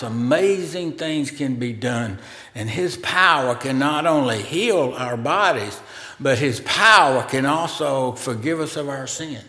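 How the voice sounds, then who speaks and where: A man preaching a sermon as pastor, in a slow, conversational way with pauses and fillers, in a church sanctuary. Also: medium pitch, fairly bright tone. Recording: roomy hall reverb.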